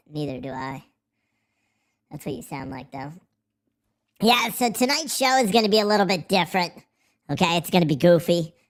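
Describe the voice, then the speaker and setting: A livestream host chatting casually in a silly put-on voice, rambling, swearing and goofing around. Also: mid-range voice. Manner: profane, rambling, goofy.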